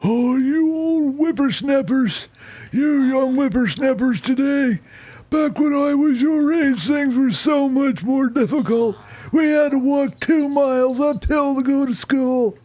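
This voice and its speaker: A man voicing a grumpy old man who scolds the young, in a drawn-out old-timer drawl. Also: very high voice, mellow, voice pushed up. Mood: grumbling. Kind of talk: improvised impression during a game stream.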